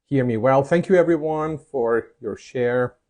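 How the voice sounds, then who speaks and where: A man hosts a live chat stream on a clip-on mic, speaking at a medium pitch. He greets his followers around the world and answers their chat messages as they come in. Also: a little slow. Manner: greets viewers warmly and reads chat comments aloud. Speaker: host. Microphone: mic'd up.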